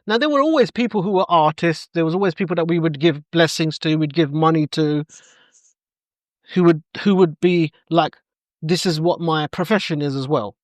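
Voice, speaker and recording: Here a middle-aged male coach speaks at a moderate pace with a fairly high pitch, and there's no room sound. He's a podcast guest in a relaxed interview, telling stories with lively energy and performing the lines of dialogue inside them.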